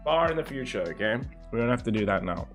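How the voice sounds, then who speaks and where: A man's voice: lowish voice, lively intonation, fast talker, fairly bright tone, faint music behind. A young man streaming live, chatting casually and teasingly with his viewers and swearing freely. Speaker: livestreamer.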